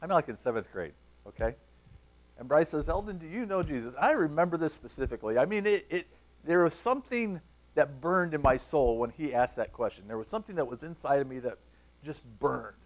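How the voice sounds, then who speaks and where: A man's voice: a little high, brisk. A man, preaching a sermon and telling a personal story, tearing up at times. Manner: storytelling, animated, emotional. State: tearful. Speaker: pastor.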